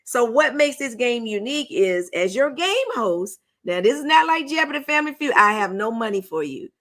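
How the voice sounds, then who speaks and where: Bright-voiced chatty woman hosting. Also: on the high side, big pitch swings, moderate pace. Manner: chatty and playful, with folksy phrasing. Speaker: talk show host. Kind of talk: casual chat, hosting a game.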